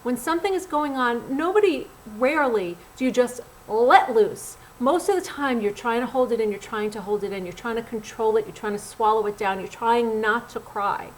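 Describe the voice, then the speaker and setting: A middle-aged woman speaks as a casting director coaching actors, her voice sitting a little high. She is blunt and animated, talking casually straight to the listener. A faint ambient hum sits behind her. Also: moderate pace, hardly any pauses, low-quality recording. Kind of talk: direct-to-camera acting tips. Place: Los Angeles.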